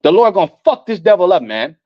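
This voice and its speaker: A man's voice: sits high, sing-song, fast, no echo. A man preaching a heated sermon, reading scripture aloud and cutting in with profane, confrontational asides. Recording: dull, muffled lo-fi audio.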